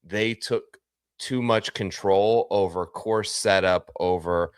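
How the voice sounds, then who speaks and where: Deep voice guy on a golf betting podcast, sure of himself, laying out his take, dry mic. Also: steady tone, takes it slowly, clean tone, no echo. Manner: confident, opinionated explaining. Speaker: podcast co-host. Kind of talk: casual sports betting chat.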